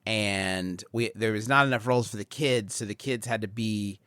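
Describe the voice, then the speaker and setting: A man's voice: on the low side, normal speed, dry recording. A man in his forties, a podcast co-host telling a rambling comic story about a family outing. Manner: rambling, builds to excited laughing. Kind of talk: comedic storytelling.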